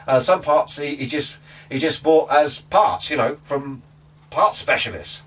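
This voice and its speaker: A man's voice: fairly high pitch, unhurried, fairly bright tone. A man chatting casually to camera about guitar amps, rambling and restarting his sentences. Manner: rambling, chatty, self-interrupting. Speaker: guitar gear vlogger. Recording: distant from the mic.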